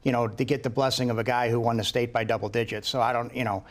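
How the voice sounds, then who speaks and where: A man's voice: medium pitch, quick pace. A man who speaks for labor on a political panel, talking casually with many fillers. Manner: relaxed, filler-heavy.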